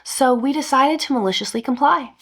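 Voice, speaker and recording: Brief: woman, podcast host, expressive story reading with dry humor. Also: high-pitched, brisk. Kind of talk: reading a revenge story aloud.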